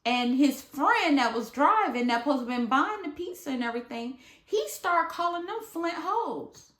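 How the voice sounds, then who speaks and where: A woman from Michigan telling a casual storytime, acting out the people she quotes and at times dropping to a hush. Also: sits high, normal speed. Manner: animated, dramatic retelling with voiced quotes; drops to hushed near-whispers at times. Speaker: vlogger. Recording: echoey room.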